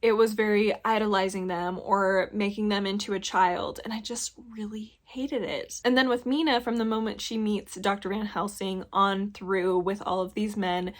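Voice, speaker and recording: A woman's voice: medium pitch, fairly even intonation, normal speed, few pauses. A young woman reviewing a book in a casual, rambling chat, frank and full of filler words.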